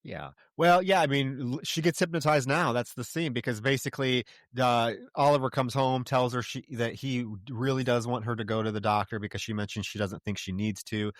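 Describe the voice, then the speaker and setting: A man's voice: medium pitch, fairly even intonation, a little fast, few pauses, no echo, clean studio sound. A man co-hosting a podcast, recapping a horror film in casual, profane chat and acting out bits of dialogue. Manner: profane, retells scenes with quoted dialogue. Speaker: podcast co-host.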